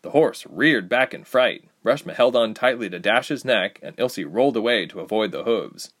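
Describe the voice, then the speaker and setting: A man narrating a fantasy audiobook with expressive storytelling. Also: on the low side, normal speed. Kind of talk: scripted narration.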